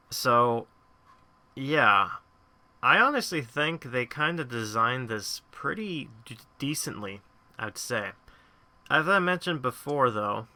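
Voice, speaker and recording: A man's voice: lowish voice, pushed and bright. A man hosting a gaming channel, giving a chatty, rambling walkthrough of a mobile game's crafting and thinking aloud as he goes. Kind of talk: casual game guide commentary.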